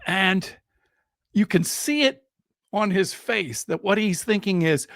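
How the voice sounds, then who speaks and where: A middle-aged man, a guest in a casual interview, telling an anecdote in an animated way and building suspense. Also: high voice, slow pace, long pauses, no room sound, clean studio sound. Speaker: guest storyteller.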